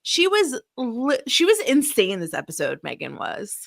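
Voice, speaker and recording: A woman co-hosting a podcast in casual chat, animated and exasperated, full of fillers and swearing. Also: a little high, normal speed, gravelly, no echo, studio quality. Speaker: podcast co-host.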